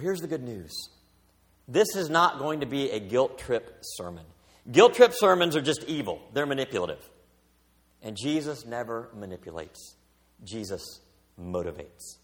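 A middle-aged male pastor delivering a sermon, with expressive preaching and big swings in pitch and volume. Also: a little slow, pauses often. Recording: long hall reverb.

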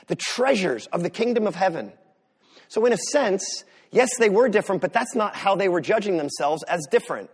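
A man's voice: high voice, breathy edge, in a large hall. A man preaching a sermon in an emphatic, conversational teaching manner.

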